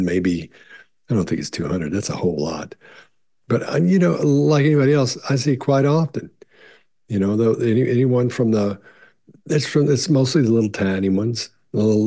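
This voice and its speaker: A man's voice: animated, moderate pace, warm tone. A middle-aged man, a behavior analyst, answering viewer questions in a casual, rambling way with frequent restarts. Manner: rambling, repeats words, many restarts and fillers; acts out quoted voices in higher pitch. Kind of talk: casual explanatory talk.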